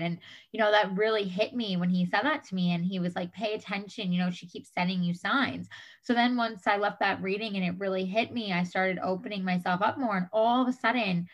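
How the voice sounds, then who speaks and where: Woman, thirties, casual storytelling, chatty, lots of fillers, mid-pitched voice. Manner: chatty, many fillers, animated retelling. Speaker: guest.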